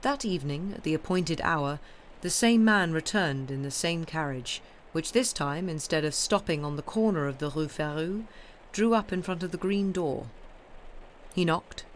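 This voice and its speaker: A woman reading a classic novel aloud on a live stream, with steady storytelling. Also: low voice, moderate pace, slight background noise. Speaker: audiobook reader.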